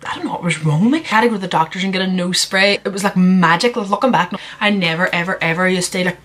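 A woman's voice: fairly low pitch, quick pace, a bit bright. A young woman, answering viewer questions in a casual vlog, chatty and candid, laughing at herself and rambling with lots of "like"s. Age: young adult. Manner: chatty, candid and self-mocking, rambling with many "like"s. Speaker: YouTuber.

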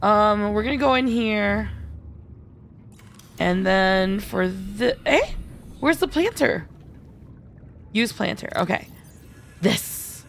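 A woman's voice: mid-range voice, expressive, slow pace, gravelly, pauses often, a little hiss or hum. A woman streaming a game live, chatty and giggly, thinking aloud and answering viewer chat. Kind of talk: live gameplay commentary.

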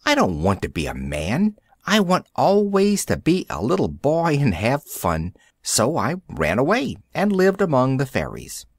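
Cocky storybook boy who won't grow up, read by a man; lively, dry sound. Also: medium pitch, measured pace, few pauses, no echo, full character voice. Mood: wistful. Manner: boastful, excited.

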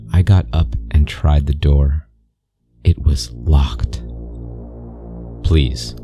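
A man narrating a scary story in a grave, deliberate scripted style. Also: very deep voice. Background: background music.

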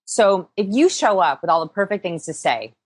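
A woman interviewed as an expert, explaining energetically with quick examples. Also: fairly low pitch, very animated, no room sound. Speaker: interview guest, body language expert. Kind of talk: podcast interview.

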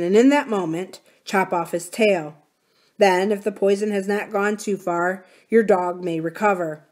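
A woman reading the part of a gentle, wise old male rancher in an audiobook-style reading. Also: medium pitch, lightly acted.

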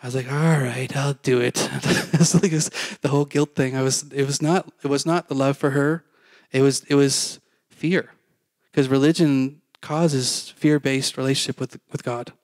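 A man's voice: mid-range voice, no echo. A middle-aged male pastor telling a personal story in a casual sermon, self-deprecating and acting out the dialogue.

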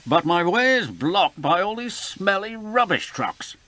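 A man's voice: high voice, sing-song, unhurried, pushed and bright, pitched above the performer's own voice, heavily acted. A man voicing a cross, haughty male express engine who talks in a huffy, snooty way.

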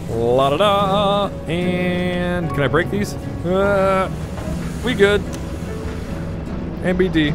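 A young man giving casual let's play commentary, chatting to himself and coaxing his vehicle along, yelping when things go wrong. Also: mid-range voice. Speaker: gameplay commentator.

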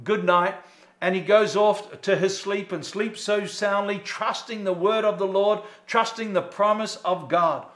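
A man's voice: high voice, unhurried, hardly any pauses. A man preaching a sermon as pastor, emphatic and full of rhetorical questions. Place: church sanctuary. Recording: echoey church sanctuary.

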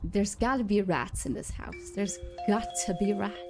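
A woman's voice: medium pitch, moderate pace, over music. A young woman commenting casually on a game as she plays, chatty and emotional, swearing now and then. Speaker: gaming streamer. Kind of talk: let's play commentary.

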